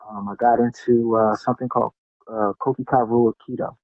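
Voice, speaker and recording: A middle-aged man, a podcast guest and martial artist, telling stories in an animated, casual way with many fillers and restarts. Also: mid-range voice, fairly quick, no echo. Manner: animated, lots of fillers and restarts, acts out what people said. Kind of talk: casual storytelling. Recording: dull lo-fi sound, dry.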